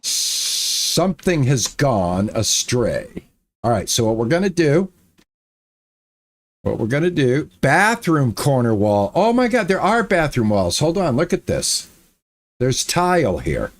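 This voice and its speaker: A man's voice: on the high side, wildly swooping pitch, measured pace. A man streaming a building game, talking to his viewers and himself, muttering and repeating lines when things go wrong. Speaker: gaming streamer. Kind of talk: casual let's-play commentary.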